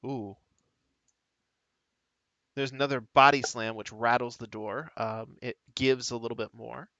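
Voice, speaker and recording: A man's voice: mid-range voice, steady tone, pushed and bright, dry recording, muffled recording. A man running a tabletop game as dungeon master, narrating moves with frequent ums and uhs. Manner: halting, full of ums and uhs, counts moves aloud.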